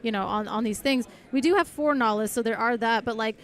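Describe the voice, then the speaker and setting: A woman's voice: fairly high pitch, fairly quick. A woman commentating a card game match, chatty and thinking aloud with fillers like "like" and "you know". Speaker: caster.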